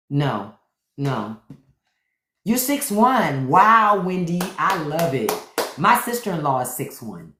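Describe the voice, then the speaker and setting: A woman with a deep voice hosting a live stream, telling unfiltered comedic stories, swearing freely and acting out the voices of the people in them. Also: roomy sound. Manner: profane, animated, acts out other people's voices. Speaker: podcast host on a live stream. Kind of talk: unfiltered comedic storytelling monologue.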